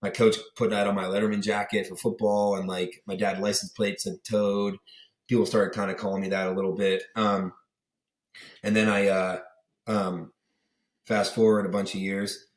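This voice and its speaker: A man's voice: fairly low pitch, flat delivery, moderate pace, echoey room. A young man from the Pittsburgh area, a podcast guest chatting casually and rambling through stories with many fillers, acting out the voices of people he quotes. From Pittsburgh area, USA. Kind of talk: casual interview chat.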